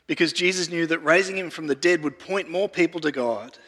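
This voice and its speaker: A man's voice: on the high side, fairly quick, a bit bright. A male pastor giving an earnest sermon who often repeats words while he gathers his thoughts. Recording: long reverb of a large room.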